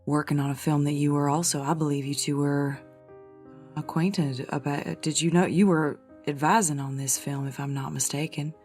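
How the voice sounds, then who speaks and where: A woman's voice: sits low, fairly even intonation, normal speed, a little mellow, soft background music. A woman playing her character in a tabletop game, speaking politely and formally while asking probing questions. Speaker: player.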